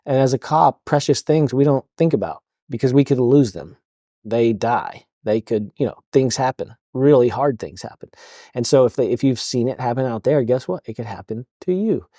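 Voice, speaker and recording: Dark-voiced man, halting and chatty. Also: medium pitch, lively intonation, no room sound, studio quality. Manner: halting, full of fillers and restarts. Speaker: counselor for police officers. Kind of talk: casual podcast interview.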